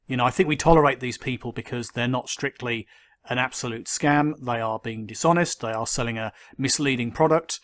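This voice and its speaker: A man talking through a critical commentary at a measured pace. He hesitates often with ums and uhs, but his argument stays firm. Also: mid-range voice, a bit bright. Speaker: skeptic commentator.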